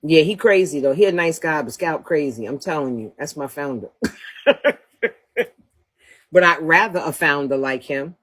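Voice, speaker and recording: A woman's voice: low-pitched, moderate pace, fairly bright tone, breathy edge. A woman hosting a livestream, talking bluntly and profanely in a trash-talking rant, breaking into laughter often. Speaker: livestream host.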